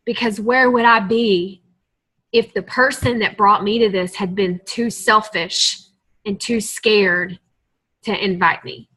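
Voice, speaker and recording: A woman's voice: mid-range voice, fairly even intonation, slow pace, bright, forceful tone, husky, low-quality recording. A woman leading a team call, giving an earnest, emotional motivational talk to her group. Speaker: team leader on a coaching call.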